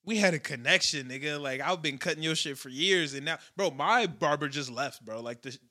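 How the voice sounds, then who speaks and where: A young man with a fairly high, bright and forceful voice tells stories in loose, casual chat. His delivery is animated and full of profanity, with the easy rhythm of a co-host among friends. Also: a little fast.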